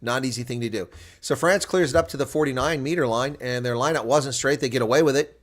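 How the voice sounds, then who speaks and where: A fast-talking man with a mid-range voice hosts live rugby reaction commentary. He calls the play, swinging from cool analysis to excited shouting whenever something big happens.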